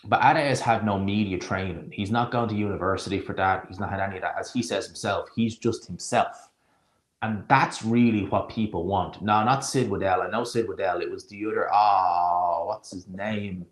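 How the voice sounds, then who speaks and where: A man's voice: lowish voice, fairly even intonation, normal speed. A man streaming a live watch-along, chatting casually and sarcastically, rambling and stopping to search for names. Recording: roomy echo.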